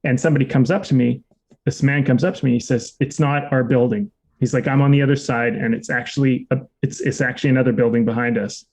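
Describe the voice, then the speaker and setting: A man on a podcast telling a personal story in a relaxed, casual way, full of "like" fillers and the odd swear word. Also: mid-range voice, quick pace. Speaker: podcast co-host.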